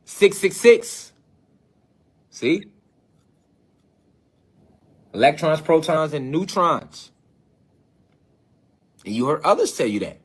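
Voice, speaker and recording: A man teaches his livestream audience in a preachy, emphatic way, throwing out rhetorical questions. His voice sits a little higher than most men's. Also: big pitch swings, slow, long pauses, husky.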